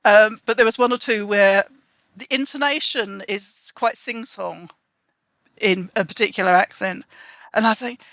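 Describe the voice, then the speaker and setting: A woman publisher chatting casually and telling stories with lively, hesitant restarts. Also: medium pitch, normal speed, no echo. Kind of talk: casual conversation.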